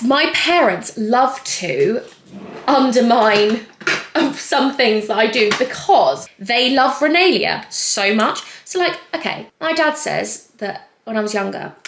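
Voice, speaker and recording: A woman's voice: mid-range voice, fairly bright tone. A young pregnant woman chatting casually through a Q&A while doing her makeup, rambling and laughing often. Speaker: vlogger. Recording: echoey room.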